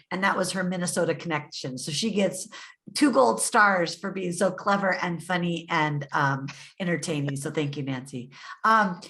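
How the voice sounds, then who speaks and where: A woman co-presenting an online workshop, playful and chatty, reading viewers' comments aloud. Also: mid-range voice. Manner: warm, playful, reads the chat aloud. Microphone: computer mic on a video call.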